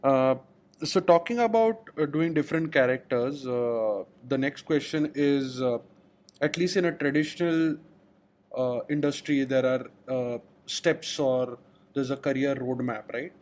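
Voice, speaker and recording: A male interviewer poses his questions, pausing often on fillers as he builds them. His voice is of ordinary middle pitch. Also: a little mellow. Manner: hesitant, many fillers while framing questions. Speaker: interview host.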